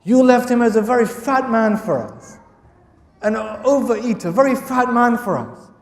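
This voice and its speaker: A man's voice: extremely high pitch, animated, normal speed, pitched above the performer's own voice. A man voicing a fearless old male pilgrim who answers a governor bluntly, in a lecture recorded in an echoey hall. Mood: defiant. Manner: blunt, plainspoken retorts.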